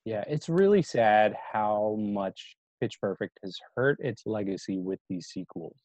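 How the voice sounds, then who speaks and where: A man's voice: on the low side, lively intonation, unhurried, a little mellow, no echo. A man co-hosting a casual movie review chat, easygoing and hesitant, often trailing off. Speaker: podcast co-host. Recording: dull dry lo-fi sound.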